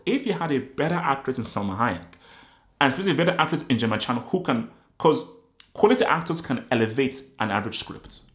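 Rambling man in a roomy space. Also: mid-range voice. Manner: rambling, repeats phrases, blunt opinions. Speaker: film reviewer. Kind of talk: casual spoken review. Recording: roomy echo.

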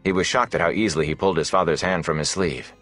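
A man narrating a fantasy audiobook in a measured, steady way. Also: low-pitched, faint music behind.

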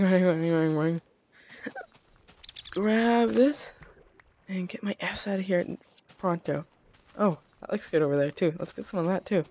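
A woman's voice: fairly low pitch, darkish tone. A woman hosting a let's play, giving jittery gameplay commentary, exclaiming often and talking to her viewers.

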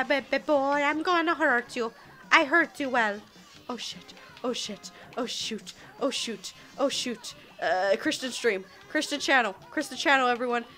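Excitable young woman streaming a game. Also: sits high. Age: early 20s. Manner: excitable, exclaiming, swearing and laughing. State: tipsy from taking shots. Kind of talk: casual gameplay livestream.

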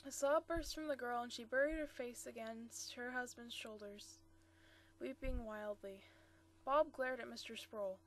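High-voiced woman reading a story aloud. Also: normal speed. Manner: steady reading with occasional stumbles and self-corrections. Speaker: story reader.

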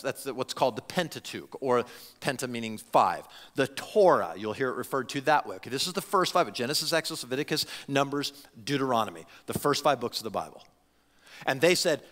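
A male pastor preaching a sermon to his congregation in an animated, conversational way, often restarting his phrases. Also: mid-range voice. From United States. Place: church sanctuary. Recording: long hall reverb.

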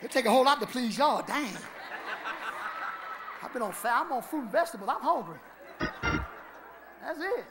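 A man pastor preaching an Easter sermon live in a church on a handheld mic, exuberant and shouting, laughing and trading call-and-response with the congregation. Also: extremely high pitch, expressive, moderate pace, pauses often, loud music behind the voice, a loud crowd. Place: church sanctuary. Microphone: handheld microphone.

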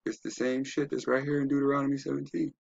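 A man's voice: mid-range voice, flat delivery, fast talker, creaky, dry recording, dull audio. A man giving a rambling, profane, preachy commentary while browsing web pages, asking rhetorical questions. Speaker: online commentator.

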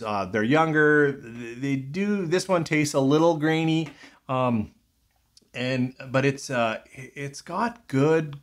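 A man casually reviewing whiskies in a rambling, thinking-aloud way, full of fillers and restarts. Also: medium pitch.

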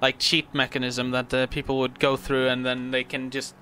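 A man's voice: mid-range voice, completely flat delivery, normal speed, bright, forceful tone, a little hiss or hum. A young man giving casual, rambling gameplay commentary, stammering and swearing freely as he plays. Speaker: gaming video host.

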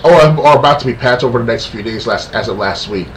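A man's voice: medium pitch, quick pace. A man ranting on a casual podcast, frustrated and rambling, stumbling and restarting often. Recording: distant mic with faint background noise.

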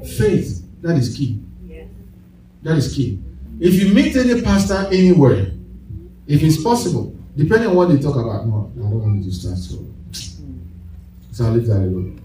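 A man preaching a sermon with call-and-response and bursts of laughter. His fairly high voice rings through a very echoey church hall. He is picked up from a distance. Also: big pitch swings, moderate pace, mellow, slight background noise. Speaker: pastor.

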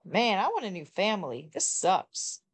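A woman's voice: medium pitch, big pitch swings, normal speed, breathy edge. A woman voicing a sulky game-character girl who grumbles about her family, in a whiny complaining way. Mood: grumbling.

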